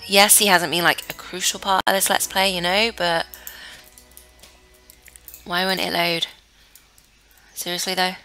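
A woman's voice: lowish voice, fairly even intonation, unhurried, pauses often, bright, forceful tone, faint music behind. A young woman giving casual commentary on a life-sim game, chatty and easily flustered, talking to the characters on screen. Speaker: let's play gamer.

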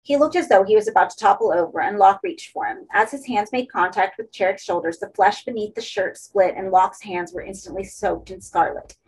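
Female audiobook reader, husky, mid pitch, steady horror narration. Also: fairly quick, hardly any pauses, poor audio.

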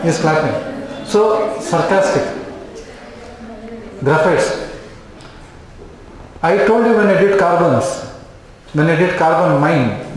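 A man giving a live class lecture, repeating points and checking in with "okay?" again and again. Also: a little high. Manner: repetitive, checks in with "okay?" constantly. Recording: very echoey classroom, faint noise.

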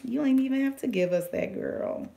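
A woman, chatting casually and excitedly through a product unboxing, with playful slang and sudden whispered asides. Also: sits high, normal speed, gravelly, very noisy. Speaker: vlogger reviewing products.

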